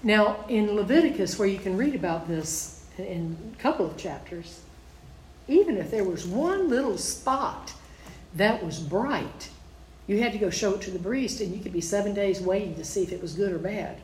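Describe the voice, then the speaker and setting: A woman's voice: medium pitch, animated, normal speed, darkish tone, slight background noise. A woman teaching a Bible study, reading scripture aloud and then explaining it in plain, conversational asides. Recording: echoey room.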